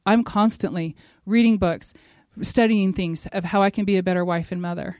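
A middle-aged woman gives a devotional talk at a church gathering. She speaks earnestly and presses her points with building force. Her voice sits at an ordinary pitch and is recorded dry, with almost no room sound. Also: moderate pace, hardly any pauses, no echo. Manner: earnest and emphatic, rising to forceful exhortation.

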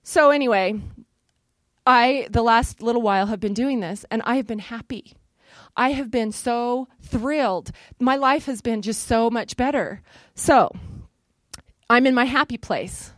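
A middle-aged woman telling a personal story to an audience, lively and self-deprecating, acting out what she and others said. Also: a little high, a little slow, dry recording. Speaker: speaker sharing a personal story. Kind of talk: personal testimony talk to an audience. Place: in front of a live audience.

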